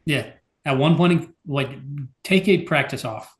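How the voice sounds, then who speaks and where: A man's voice: fairly high pitch, unhurried. A man co-hosting a podcast, talking casually with lots of fillers and some exasperation. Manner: loose, filler-heavy, exasperated. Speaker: podcast co-host. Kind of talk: casual chat.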